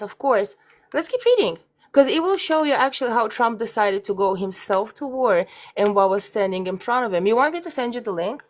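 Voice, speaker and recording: Russian-accented woman, stream guest, argumentative, halting reader. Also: fairly high pitch. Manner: argumentative, reads articles aloud haltingly. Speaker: guest debating the host. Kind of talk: live-stream debate.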